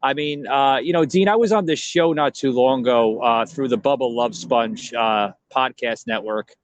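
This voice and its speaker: A man's voice: mid-range voice, normal speed, dry recording, lo-fi sound. A middle-aged man hosting a podcast, talking casually and rambling with constant "you know" and "like". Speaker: podcast host.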